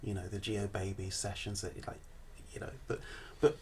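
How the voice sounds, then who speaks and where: A man speaking on a panel, halting and restarting his sentences often. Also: fairly low pitch, level tone, darkish tone, slight background noise. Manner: halting, many restarts and fillers. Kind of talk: panel discussion.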